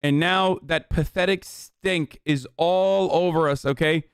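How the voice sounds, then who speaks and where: A man's voice: on the high side, steady tone, measured pace, hardly any pauses, clean tone, dry recording, clean studio sound. A man in his thirties, a streamer giving heated, sarcastic political commentary, swearing often. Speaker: streamer reacting to a news clip.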